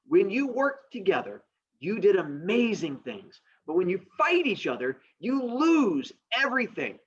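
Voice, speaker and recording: A man voicing Aesop as a patient, coaxing teacher, a little higher than his own voice. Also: sing-song, measured pace, breathy edge, lo-fi sound, exaggerated voice. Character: Aesop, patient old male storyteller and teacher.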